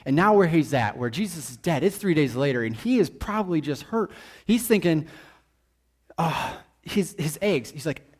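Lively, joking male preacher. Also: fairly high pitch, normal speed, breathy edge. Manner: animated, joking, conversational. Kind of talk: sermon.

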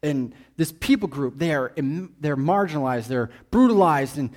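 A man's voice: a little high, lively intonation, normal speed, darkish tone, lightly acted. A man voicing a hurt, disillusioned male disciple who speaks with bitter defiance.

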